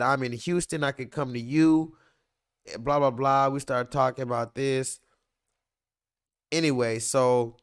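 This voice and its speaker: A man hosting a livestream, telling a story in animated, profane rants to his viewers. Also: medium pitch, clean tone. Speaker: livestream host. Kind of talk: casual livestream commentary.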